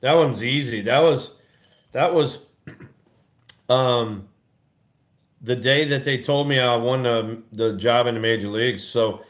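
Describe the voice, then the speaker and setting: An older former ballplayer telling stories in casual podcast chat, animated and acting out quotes in a raised voice. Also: male voice, mid-range voice, slow, long pauses. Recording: dull lo-fi audio.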